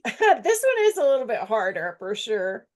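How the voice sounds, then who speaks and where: A woman teaching a Bible study, slowly dictating verses and guiding drawing with a friendly, self-deprecating manner. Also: fairly high pitch, wildly swooping pitch, darkish tone. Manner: slow, deliberate dictation, repeating phrases; friendly, laughs at herself. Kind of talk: guided scripture lesson with drawing.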